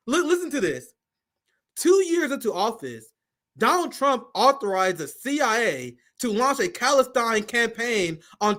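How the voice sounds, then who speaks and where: A man's voice: very high-pitched, bright, forceful tone. A man hosting a political talk stream, reading news aloud and commenting in a loose, slangy way with frequent laughs. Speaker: host.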